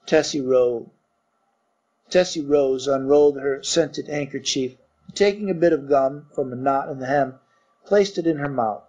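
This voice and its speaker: Mellow man reading a story aloud. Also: mid-range voice. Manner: measured literary reading. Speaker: audiobook narrator. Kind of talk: scripted narration. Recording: dull muffled recording.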